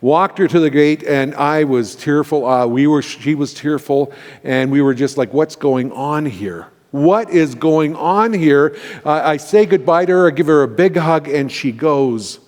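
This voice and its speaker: A man's voice: a little high, normal speed, darkish tone. A Canadian man, a pastor, telling an earnest, emotional personal story in a sermon, with many restarts. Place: large church sanctuary. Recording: long hall reverb.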